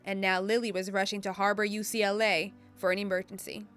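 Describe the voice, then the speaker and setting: A woman reads scripted documentary narration in a smooth, measured way. Her voice sits at a middle pitch. Faint music plays beneath her. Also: flat delivery, fairly bright tone.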